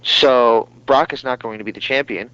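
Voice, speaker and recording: A man's voice: medium pitch, moderate pace, sharp tone, no room sound. A man with a New York accent, co-hosting a casual wrestling podcast and joking with his partner. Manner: joking, teasing. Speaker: podcast co-host. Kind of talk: casual chat. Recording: dry, muffled lo-fi audio.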